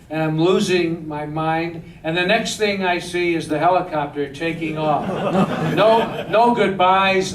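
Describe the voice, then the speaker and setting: A man telling anecdotes as a director guest at a theater Q&A, animated and laughing often. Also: a little high. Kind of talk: storytelling at a Q&A. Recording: echoey hall from far off, faint noise.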